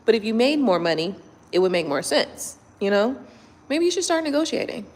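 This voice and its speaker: A woman chats casually with her viewers, blunt and salty, cursing freely. Her pitch swings widely and lively as she talks. A long reverb trails behind her voice. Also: fairly quick. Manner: blunt, profane, animated. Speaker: tarot reader. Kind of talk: casual chat with live viewers. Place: indoors at home at night.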